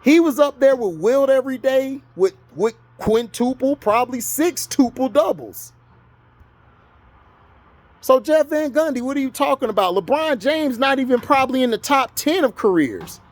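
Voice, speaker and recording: Fired up guy from florida arguing sports, high voice swinging all over. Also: expressive, normal speed, dry recording. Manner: heated, argumentative, scolding. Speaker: vlogger. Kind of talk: sports rant to camera.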